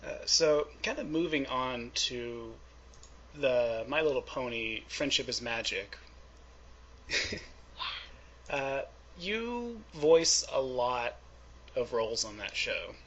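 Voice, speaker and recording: A man's voice: medium pitch, lively intonation, slow pace, pauses often, fairly bright tone, muffled recording. A man hosting an interview, asking questions in a chatty, friendly way with hesitant fillers. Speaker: interviewer host.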